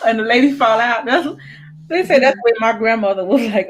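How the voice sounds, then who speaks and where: A woman's voice: on the high side, moderate pace. A woman hosting a casual live chat, telling family stories with lots of laughter, putting on relatives' voices and reading out viewer comments. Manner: animated storytelling, laughing often; drops into quoted voices of relatives. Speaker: host.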